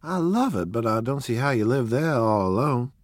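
A man reading aloud and voicing a delighted young society woman with high, eager exclamations. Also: lively intonation, normal speed, dry recording, lightly acted.

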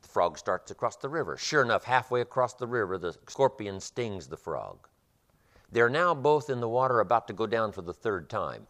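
Lively, emphatic male motivational speaker. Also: fairly low pitch, normal speed. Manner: emphatic, repetitive, preacher-like cadence. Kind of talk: motivational lecture.

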